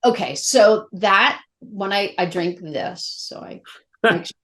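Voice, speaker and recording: A woman's voice: mid-range voice, a little slow. Candid, emotional woman telling stories. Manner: candid, emotional, animated storytelling. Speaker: actress guest. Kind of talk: casual interview chat.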